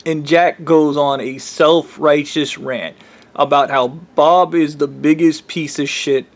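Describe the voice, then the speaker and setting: A man's voice: on the high side, steady tone, takes it slowly. A man telling a long story in a casual, rambling way, blunt and full of profanity.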